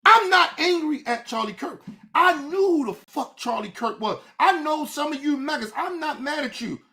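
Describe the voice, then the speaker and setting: A man hosting his own show, delivering an impassioned, profane commentary rant that swings between shouting and low, intense talk. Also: animated, moderate pace. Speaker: show host.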